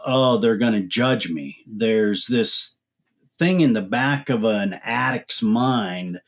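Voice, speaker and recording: A man hosting a podcast interview, asking questions in a measured, reflective way. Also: on the low side. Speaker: podcast host. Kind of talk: conversational interview.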